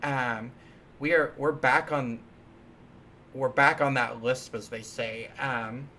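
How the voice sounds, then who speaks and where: Man, stream host, casual coding chat, bright tone, halting and playful, faint hiss. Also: mid-range voice, steady tone. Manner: rambling, halting, playful, many restarts and fillers. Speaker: livestream host.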